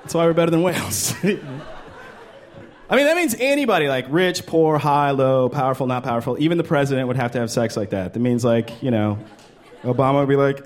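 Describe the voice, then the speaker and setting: A man in his thirties performing a stand-up comedy set on a club stage into a handheld mic, animated and jumping into character voices. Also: brisk, slight background noise. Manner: animated, jumps into high-pitched character voices.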